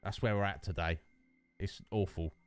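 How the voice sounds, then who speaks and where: Streaming a game from his home setup, a man from the United Kingdom rambles and jokes with viewers, replying to chat by name. The Twitch streamer has a deep, steady voice at a moderate pace, recorded on a studio dynamic microphone with soft background music.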